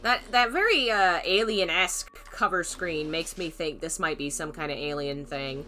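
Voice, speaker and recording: A woman's voice: sits low, moderate pace, bright, forceful tone, soft background music. A woman streaming a horror game, chatting casually, thinking aloud, greeting viewers and laughing often. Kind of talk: casual let's-play commentary.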